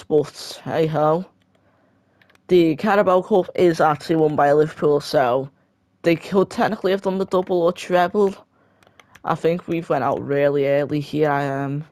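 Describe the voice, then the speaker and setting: A young adult talks through a football game career in a relaxed, chatty voice-over, fixing slips on the fly and dropping quick laughing asides. The voice sits at a middle pitch. The recording is close and dry, with no room sound. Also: dry recording. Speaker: gaming video creator.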